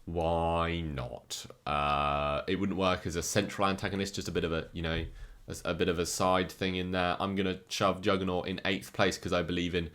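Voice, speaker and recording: A man with an English accent giving casual, jokey commentary as a video host, swinging between excitement and deadpan remarks. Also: sits low, moderate pace. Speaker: YouTuber ranking comic villains.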